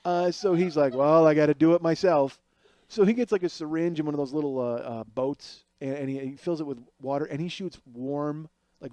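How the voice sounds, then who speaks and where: A man's voice: fairly high pitch, mellow. A middle-aged man telling a comic story as a podcast host, acting out other people's voices as he goes.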